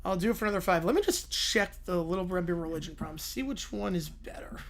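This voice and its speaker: A man hosting a livestream in a relaxed, chatty way, chuckling as he hurries through viewer requests. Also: high voice, quick pace, a little hiss or hum. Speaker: livestream host. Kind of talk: casual livestream chat.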